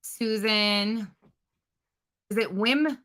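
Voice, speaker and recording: A woman hosting a true crime livestream, chatting casually and reading viewer comments aloud in an energetic, expressive way. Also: medium pitch, extremely slow.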